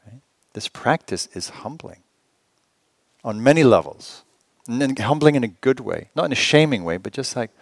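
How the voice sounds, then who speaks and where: A man's voice: mid-range voice, animated, moderate pace, gravelly, no room sound. Man giving a conversational meditation talk. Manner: conversational, rhetorical questions, gently humorous. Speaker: meditation teacher. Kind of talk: retreat dharma talk. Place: meditation retreat hall.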